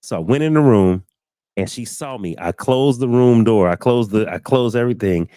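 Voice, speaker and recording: A man in his thirties hosts a live talk stream, casually telling a personal story and acting out quoted lines with sudden, big jumps up in pitch. He speaks at a normal speed, and the studio mic gives clean, echo-free sound.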